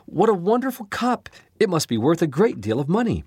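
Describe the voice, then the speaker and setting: A man voicing a kind, anxious young serving girl in a storybook reading, raising his voice high and pleading. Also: very animated, a little fast, a little mellow, slightly rough, dry recording, studio quality. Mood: delighted.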